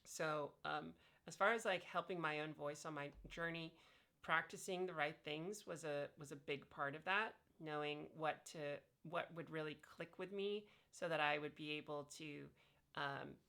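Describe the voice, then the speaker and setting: A woman vlogger chatting casually while lying down, relaxed and thinking aloud with many fillers. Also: low-pitched, unhurried, gravelly. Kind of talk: casual chat. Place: indoors, lying down.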